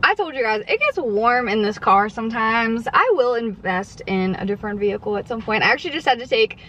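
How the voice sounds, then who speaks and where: A woman vlogger chatting from her car, retelling a frustrating customer service story in an exasperated, animated way with quoted dialogue. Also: a little high, brisk, muffled recording, background noise. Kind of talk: casual storytime chat. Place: parked car. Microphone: camera mounted in car.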